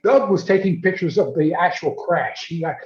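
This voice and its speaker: A man, a photojournalist, telling a long story in a casual, animated way on a video call, often repeating and restarting words. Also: high-pitched, moderate pace. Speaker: photojournalist guest. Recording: roomy, dull video call audio.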